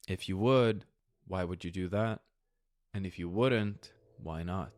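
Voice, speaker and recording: A man's voice: deep voice, unhurried, a little mellow, no echo. A man hosting a solo podcast, talking candidly and reflectively in a casual way that includes some swearing. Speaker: podcast host.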